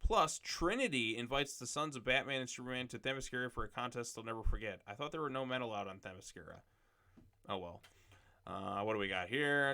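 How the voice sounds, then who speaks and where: A man hosting a casual video, reading comic solicitation blurbs aloud and commenting off the cuff in a relaxed way. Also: medium pitch, a little fast.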